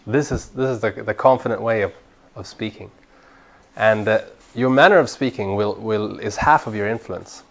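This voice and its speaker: A man teaching a training class in an earnest way, repeating words as he builds a point and growing animated when he urges people on. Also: on the low side, moderate pace, creaky. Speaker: Bible study trainer.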